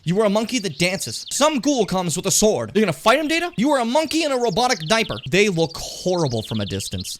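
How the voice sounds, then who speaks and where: A young man streaming a video game, joking and swearing, with sudden shouted outbursts. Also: sits high, wildly swooping pitch, fast talker, few pauses, a little hiss or hum. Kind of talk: casual live-stream commentary.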